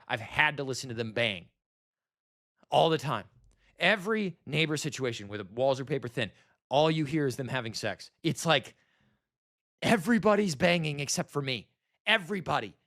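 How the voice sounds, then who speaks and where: A man's voice: medium pitch, big pitch swings, moderate pace, a bit bright. A man in his thirties delivering a bitter, exasperated, profanity-filled rant, repeating himself as he vents. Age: 30s. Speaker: vlogger. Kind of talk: ranting monologue to camera.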